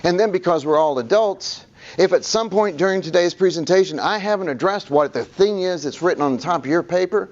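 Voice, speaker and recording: A man's voice: high voice, fairly quick, dull audio. A man presenting a public speaking workshop to a room, telling stories and acting out the people he quotes.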